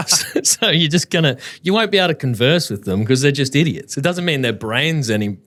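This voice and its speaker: A man's voice: a little high, big pitch swings, brisk, fairly bright tone. An Australian man co-hosting a casual podcast, joking and acting out silly mock dialogues as he talks. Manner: jokey, acts out mock dialogues. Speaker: podcast co-host. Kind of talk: casual banter.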